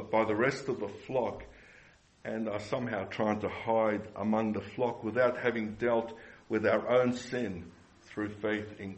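A man's voice: on the low side, poor audio. A man preaching a sermon earnestly, repeating phrases and asking the congregation rhetorical questions.

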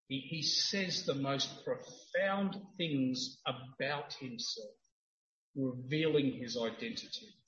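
A man's voice: medium pitch, a bit bright. A man preaching a sermon in an emphatic style that builds to fervent peaks. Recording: roomy, dull lo-fi church recording.

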